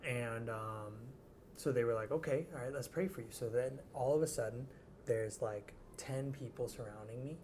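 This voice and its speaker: A man of middle pitch tells a personal story as an interview guest. He talks in an animated, looping way, stacking up "like" and "I was like" as he acts out what he said. A faint hiss sits under the recording. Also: moderate pace. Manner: animated, rambling, heavy use of "like".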